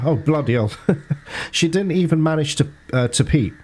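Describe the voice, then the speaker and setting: A man commenting on his gameplay, reacting with excited, panicky outbursts. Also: on the high side, normal speed. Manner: excitable, panicky outbursts and laughter mid-fight. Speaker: let's play gamer.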